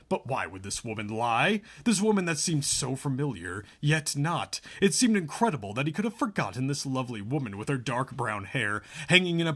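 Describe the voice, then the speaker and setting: A man narrating a novel aloud in a steady, even way. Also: medium pitch. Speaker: audiobook narrator. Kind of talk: scripted narration.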